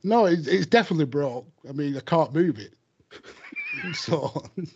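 A man's voice: fairly high pitch, big pitch swings, a little slow, darkish tone, breathy edge. A man hosting a casual comedy podcast, with dry, teasing humour. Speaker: host. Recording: dull lo-fi sound.

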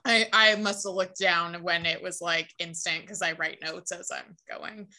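Bright, chatty young woman recapping. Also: on the low side, a little slow. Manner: animated storytelling, acts out characters' lines, swears and laughs. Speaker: podcast co-host. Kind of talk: casual recap chat.

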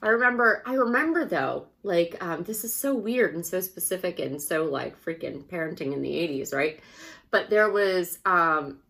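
A woman in her forties co-hosting a podcast in casual chat, blunt, profane and animated, quick to laugh. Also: lowish voice. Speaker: podcast co-host.

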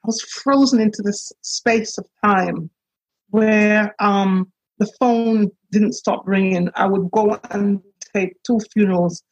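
Husky-voiced woman minister, halting and earnest. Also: medium pitch, steady tone, poor audio. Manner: earnest, halting, with many pauses and restarts. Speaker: minister and priest. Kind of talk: reflective personal testimony.

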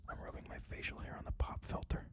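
A man putting on a teasing mock ASMR voice in whispered role-play, breathy and close to the pop filter. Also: fast talker, natural voice.

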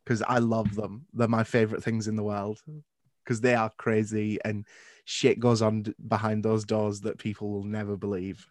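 A man's voice: on the low side, completely flat delivery, moderate pace, dry recording. A man hosting a podcast, chatting playfully with lots of fillers. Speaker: podcast host. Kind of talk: casual interview chat.

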